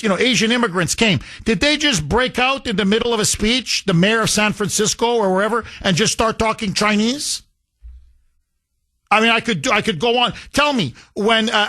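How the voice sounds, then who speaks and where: A man with a slight accent hosts a talk radio show, firing off combative, incredulous rhetorical questions. His voice sits high and swoops a lot as he argues. The tone is bright and forceful. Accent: slight foreign accent. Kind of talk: opinionated talk radio monologue.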